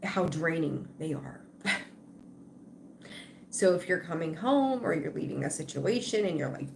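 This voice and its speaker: Rambling, low-voiced woman reading tarot live. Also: animated, measured pace, vocal fry, a little hiss or hum. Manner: rambling and conversational, talks straight to viewers. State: tired, yawning. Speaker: tarot reader.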